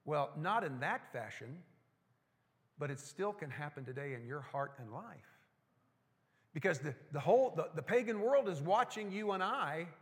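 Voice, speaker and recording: High-voiced folksy preacher in a reverberant hall. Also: male voice, moderate pace. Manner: folksy, animated preaching with mocking asides. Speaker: pastor. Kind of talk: sermon. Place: church sanctuary.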